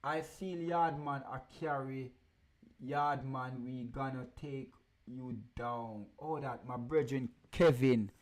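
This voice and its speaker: Man, livestream host, teasing banter, casual slang, mid-pitched voice. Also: takes it slowly, darkish tone. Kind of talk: casual live chat, reading out viewer comments.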